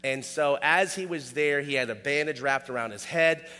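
Casual preacher with hall reverb. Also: male voice, a little high, moderate pace, pushed and bright, clean tone. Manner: casual, conversational, checks in with "all right?". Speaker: pastor. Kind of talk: sermon.

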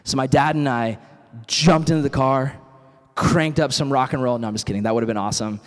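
Brief: young man, youth preacher, chatty and animated, middle pitch, reverberant church hall. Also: brisk. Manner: casual, animated, storytelling with acted quotes. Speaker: youth speaker. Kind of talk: youth sermon.

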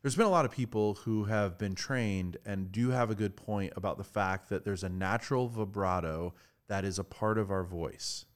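A man's voice: lowish voice, normal speed, smooth. A man co-hosting a live podcast from a studio, chatting in a playful way. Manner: playful, breaks into sung snippets. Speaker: podcast co-host. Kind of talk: casual chat.

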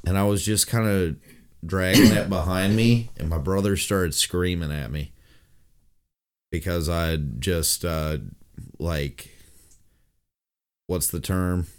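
Slow, deep-voiced man podcast co-host. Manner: slow, drawling storyteller with big laughing outbursts. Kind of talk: casual comedic banter.

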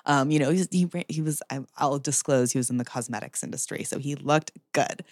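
A woman's voice: rumbling low, a little fast, darkish tone, no room sound, clean studio sound. A woman in her thirties, a podcast guest, talking casually in an interview, often laughing and restarting her sentences. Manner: chatty, laughing, many fillers and restarts.

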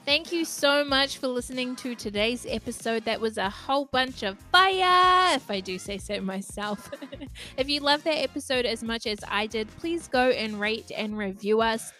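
Upbeat lady doing the podcast sign-off, kinda high voice, soft music under it. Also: moderate pace. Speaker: podcast host. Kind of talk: scripted podcast outro. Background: faint music.

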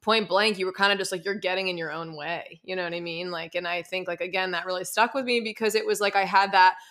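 Young woman podcast host, bright voice, chatty and animated, casual interview tone. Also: lowish voice, quick pace. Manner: chatty, animated storytelling with frequent fillers.

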